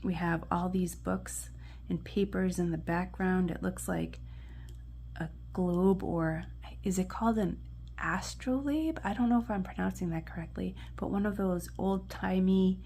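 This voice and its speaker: A woman giving a gentle, encouraging tarot reading, often dropping into soft whispers as she studies the cards. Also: fairly low pitch, vocal fry. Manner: encouraging, pauses to study card imagery. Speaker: tarot reader. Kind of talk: pick-a-card tarot reading.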